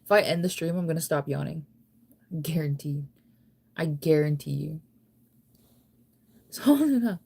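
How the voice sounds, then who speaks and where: Sleepy girl rambling on a late night stream, kinda low voice, says like a lot. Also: moderate pace, gravelly, pauses often, husky. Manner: relaxed, rambling, heavy use of "like". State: sleepy, yawning. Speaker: livestreamer.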